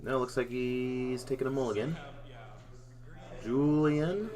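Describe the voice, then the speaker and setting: A man's voice: medium pitch, unhurried, a little mellow. A man giving casual, jokey live play-by-play commentary on a card game, now and then humming silly sound effects.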